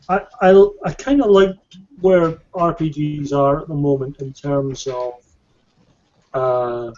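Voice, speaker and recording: A man's voice: mid-range voice, darkish tone. A man in casual chat who stumbles and repeats words before getting going. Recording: dull lo-fi podcast audio.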